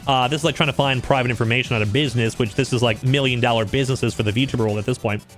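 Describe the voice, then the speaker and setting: A man's voice: mid-range voice, steady tone, rapid-fire, soft background music. A man streaming casual commentary on online drama, talking bluntly and slangily and peppering his speech with dude and like. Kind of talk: casual commentary reading out messages.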